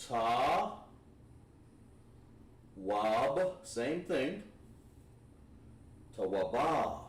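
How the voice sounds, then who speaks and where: A man's voice: medium pitch, slight background noise. A man teaching an online language class, explaining step by step as he writes on a board. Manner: relaxed, explains step by step while writing on a board. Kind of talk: online class lesson at a whiteboard. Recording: echoey room, mic at a distance.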